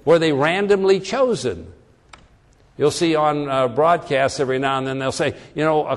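A man's voice: fairly high pitch, moderate pace. A man giving a classroom lecture, illustrating his points by acting out example phrases with changing emphasis. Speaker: teacher. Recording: long hall reverb.

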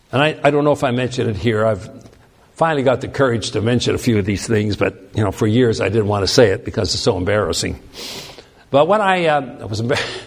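A man preaching a sermon, telling a self-deprecating personal story with lively, animated delivery and frequent restarts. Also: medium pitch, vocal fry.

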